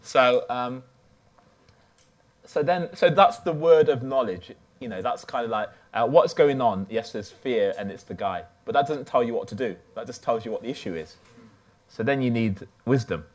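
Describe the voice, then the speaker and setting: A man delivers a sermon as a relaxed storyteller, chatting his way through an everyday tale. He talks at a middle pitch, neither deep nor high. His delivery is loose and conversational rather than formal. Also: moderate pace. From United Kingdom. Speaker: preacher.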